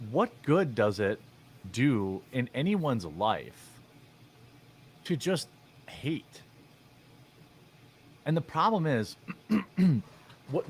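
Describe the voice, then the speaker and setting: A man's voice: medium pitch, a little hiss or hum. Sarcastic man ranting over clips. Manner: sarcastic, mocking, rambling with fillers. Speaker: commentary vlogger. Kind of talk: opinionated commentary on clips.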